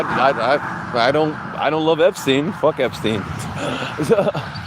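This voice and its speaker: Out on a walk, a man hosts a casual podcast, rambling, swearing, and laughing often. His voice is mid-range, and there's noise in the background.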